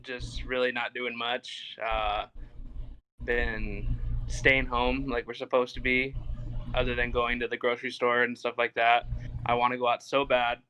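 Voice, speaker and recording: A young man appearing as a podcast guest, talking in a laid-back, low-key, slightly mumbly way. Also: monotone, measured pace, pushed and bright, slight background noise, poor audio. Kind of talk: casual chat.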